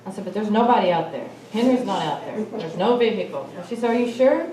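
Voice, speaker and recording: A woman's voice: medium pitch, lively intonation, fast, dark tone. A woman telling a personal encounter story at a symposium, acting out the lines she quotes. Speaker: symposium speaker. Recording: echoey hall, mic far off.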